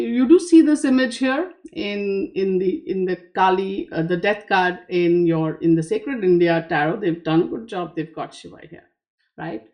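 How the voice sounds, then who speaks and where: Slow, storytelling woman tarot reader. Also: mid-range voice, vocal fry, a little mellow. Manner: storytelling, unhurried, with asides. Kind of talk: explaining a myth behind a card image.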